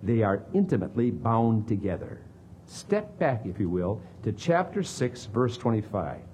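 A man preaching a sermon as a pastor, with dramatic swings between emphatic lines and hushed ones. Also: lowish voice, very animated, moderate pace, a little hiss or hum.

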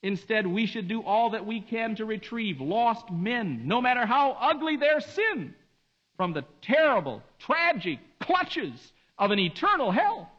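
Male preacher, high voice, dramatic hushed-to-emphatic sermon style, muffled lo-fi sound. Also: sing-song, unhurried, breathy edge. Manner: dramatic swings between hushed and emphatic delivery. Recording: dull lo-fi recording.

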